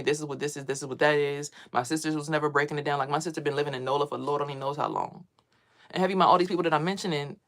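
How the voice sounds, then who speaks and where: A woman vlogger telling personal stories casually, lively and swearing freely as she acts out what others said. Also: sits low, vocal fry.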